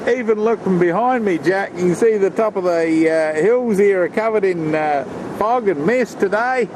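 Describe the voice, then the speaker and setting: A man's voice: high-pitched, normal speed. An Australian man chatting casually as he films a travel vlog outdoors on a rainy, windy beach, rambling and calling his friend mate. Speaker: travel vlogger. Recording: wind and surf noise outdoors.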